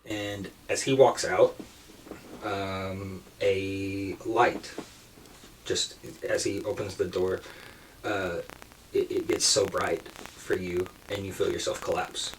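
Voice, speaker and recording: A man narrating as game master of a tabletop game, slow and hesitant with many ums, slightly off-mic. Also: low-pitched, flat delivery, far from the mic, a little hiss or hum, poor audio.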